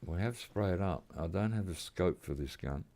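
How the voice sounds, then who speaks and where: A deep, gravelly-voiced Australian man in middle age, talking loosely over gameplay. His tone is dark and mellow, and he rambles in a relaxed way, dropping slang like "mate" and "reckon" with easy chuckles. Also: moderate pace. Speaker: gaming streamer. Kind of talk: casual gameplay chat.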